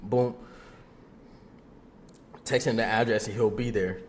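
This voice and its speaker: A man's voice: fairly even intonation, slow pace, reverberant, background noise. Laid-back young man telling a slangy story. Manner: slangy and laid-back, peppers talk with "bro" and "boom"; laughs while telling it. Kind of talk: casual storytime vlog.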